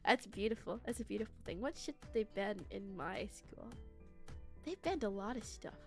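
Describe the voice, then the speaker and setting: A woman streaming as a VTuber, telling a story to her chat in a casual, animated way, laughing and swearing freely. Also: mid-range voice, normal speed, soft background music.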